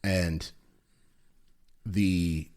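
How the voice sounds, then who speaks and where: A man with a slightly low voice talks loosely on a podcast, piling up "like" fillers and restarting his sentences. When he gets into a story he picks up energy and animation. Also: drawn-out words. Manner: rambling, lots of "like" fillers and restarts; animated when retelling stories. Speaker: podcast co-host. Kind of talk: casual chat.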